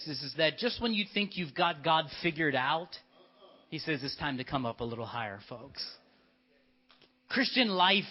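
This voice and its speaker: Male pastor, fairly high voice, lively storytelling sermon, dull lo-fi church audio. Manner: lively, storytelling, directs children in a skit.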